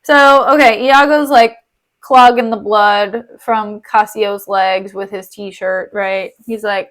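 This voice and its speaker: A woman with a high voice who talks in a playful, chatty way. She reads a play aloud on stream and retells the scenes in modern slang. Her manner stays relaxed and informal. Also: unhurried. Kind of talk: casual chat and read-aloud.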